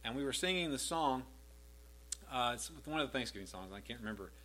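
A middle-aged male pastor delivers a sermon at a medium pitch. He speaks with emphasis, swelling louder and higher on repeated scripture lines before dropping back down. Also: lively intonation, brisk.

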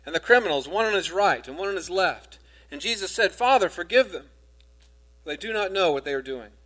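Preacher, male, earnest emphatic scripture reading, slightly high voice with lively inflection. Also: fast talker, low-quality recording.

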